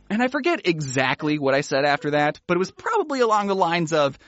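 A man giving a wry, sarcastic, animated comedic book recap as a YouTuber. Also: very high-pitched, brisk, few pauses, muffled recording.

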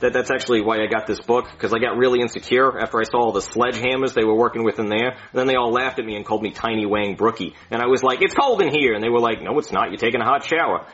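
A man's voice: medium pitch, rapid-fire, hardly any pauses, lo-fi sound, close to an everyday voice. A man playing a bumbling, insecure male doctor who stammers and berates himself in a comedy skit. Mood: chatty. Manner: stammering, swings into self-hating shouting.

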